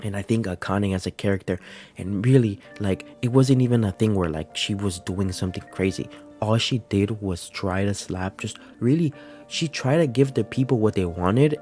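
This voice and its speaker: A man's voice: fairly low pitch, darkish tone. A man giving casual, earnest commentary on an anime episode, emotional and full of fillers. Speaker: anime reviewer.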